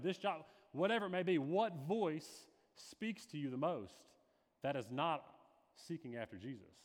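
Male pastor, sermon delivery, slightly higher voice, long hall echo; dramatic, acts out quotes. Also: animated, normal speed.

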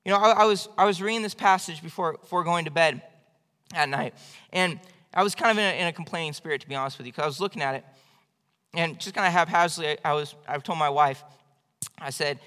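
A man's voice: on the high side, fast, sharp tone. A male pastor preaching an evening church sermon in a conversational, emphatic way. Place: church sanctuary. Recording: long hall reverb.

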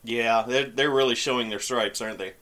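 A male radio host chatting with a caller, amused and quick to laugh, giving short reactions. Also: mid-range voice, fairly even intonation, sharp tone. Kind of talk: casual radio chat.

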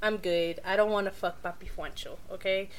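A woman's voice: medium pitch, steady tone, fairly quick. A woman co-hosting a casual podcast chat, crude and swearing freely, laughing often. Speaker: podcast co-host. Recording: harsh, overloaded mic.

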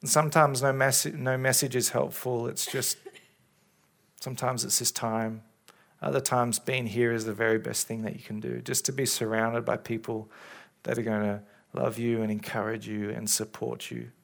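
A man preaching in a church, speaking as a pastor in an earnest, caring way with halting restarts, into a stage microphone. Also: mid-range voice, little pitch movement, gravelly, fairly bright tone. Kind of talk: sermon. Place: church service. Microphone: handheld or stage microphone.

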